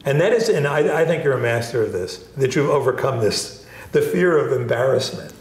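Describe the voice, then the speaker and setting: A man's voice: mid-range voice, animated, brisk, a little hiss or hum. A man from New Jersey, an author as interview guest, talking casually and chuckling often. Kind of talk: casual conversation. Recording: echoey room.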